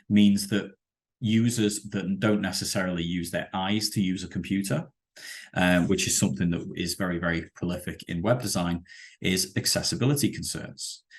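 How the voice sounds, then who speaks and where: A man teaching a web development lesson over a screen-share, explaining with halting, self-correcting sentences and many fillers. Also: low voice. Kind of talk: screen-share coding tutorial.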